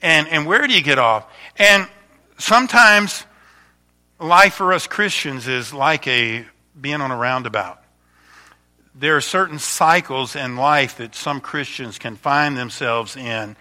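Bright-voiced pastor telling stories. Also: male voice, mid-range voice, a little slow. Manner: chatty, warm storytelling with frequent restarts. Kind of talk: casual sermon with slideshow.

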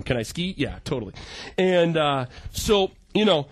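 Lively, high-voiced male preacher. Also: unhurried, dry recording. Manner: animated storyteller, acts out voices and shouts for emphasis. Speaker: pastor. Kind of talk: sermon.

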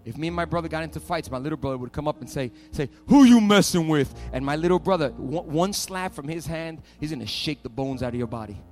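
A pastor delivers his sermon with a fairly high male voice and restless, animated storytelling. He repeats phrases, builds momentum, and swells into loud, fervent preaching. Faint instrumental music plays quietly behind him. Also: fast talker, few pauses.

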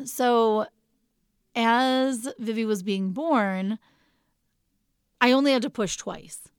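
A woman co-hosting a podcast in casual chat, telling a story with lively acted-out quotes. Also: on the high side, slow, smooth, no echo, clean studio sound. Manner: animated storyteller, acts out quotes. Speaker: podcast co-host.

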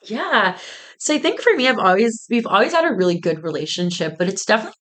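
Lively, laughing young woman telling a story. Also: mid-range voice, quick pace. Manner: animated, laughs often, many "like" fillers. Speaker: guest, tea business co-founder. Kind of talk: storytelling in a podcast interview.

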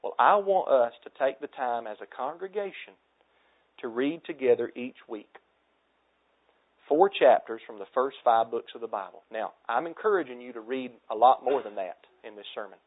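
Earnest thirties preacher, tinny lo-fi audio. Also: male voice, medium pitch, animated, moderate pace. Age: 30s. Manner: earnest, exhorting preacher, drops to soft tones for emphasis. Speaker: pastor. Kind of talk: sermon.

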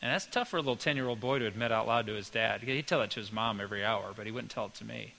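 A man preaching a sermon with a bright, forward voice. He keeps it folksy and conversational and drifts into homespun stories. A faint hiss sits under the recording. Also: fairly low pitch, very fast, gravelly, low-quality recording. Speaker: pastor.

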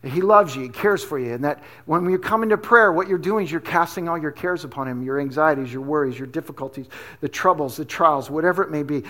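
High-voiced man preaching casually. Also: fast talker, a bit bright. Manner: casual, conversational preaching with slang asides. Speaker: pastor. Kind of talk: sermon.

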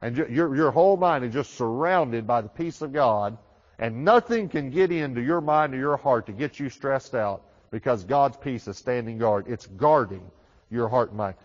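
A male pastor delivers a sermon in a conversational way, stumbling and repeating words as he builds his points. He pushes key phrases out loud and slow, then drops to quick, hushed asides. The recording is muffled, with a long reverb from a large hall. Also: mid-range voice, expressive.

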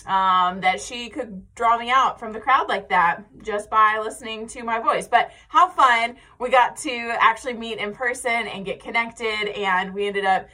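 A woman's voice: on the high side, unhurried, few pauses, bright, forceful tone. An American woman in her thirties hosting a podcast in casual, chatty talk and laughing often. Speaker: podcast host. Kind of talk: casual chat.

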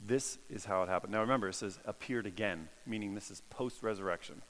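A man preaching in a relaxed, conversational way, slipping into lively voiced quotes as he tells the story. His voice carries a long reverb tail, as in a large hall. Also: on the low side, quick pace, a little hiss or hum. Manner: casual, animated preaching with voiced quotes and laughs. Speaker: pastor. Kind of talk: sermon.

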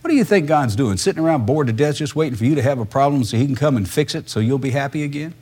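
A man's voice: medium pitch, expressive, very fast, a little mellow, breathy edge. A male pastor, preaching a sermon in a conversational, emphatic way full of rhetorical questions.

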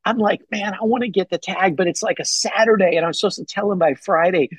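A man telling a hunting story as a podcast guest, excited and rambling, with many fillers and restarts. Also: fast, breathy edge, low-quality recording. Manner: acts out his own past words with big pitch jumps. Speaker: podcast guest, bowhunter and pastor. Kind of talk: casual storytelling in an interview.

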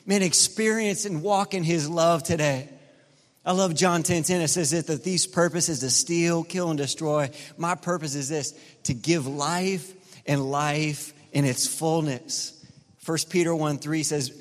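A middle-aged pastor preaching an impassioned sermon in a large church. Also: male voice, a little high, steady tone, a little slow. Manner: impassioned preaching, rising to fervent peaks. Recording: reverberant large hall.

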